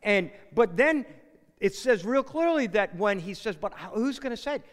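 A man delivers a sermon like a conversation, retelling a story and acting out the lines. His voice sits high and moves a lot in pitch. A long hall reverb trails every phrase. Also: lively intonation, normal speed. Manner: conversational storytelling with acted quotes and asides. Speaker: preacher.

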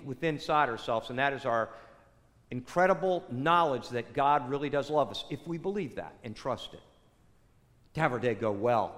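A man's voice: fairly high pitch, a bit bright. A man preaching a sermon in a conversational way, sprinkling his talk with "you know" asides. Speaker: pastor. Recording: echoey hall.

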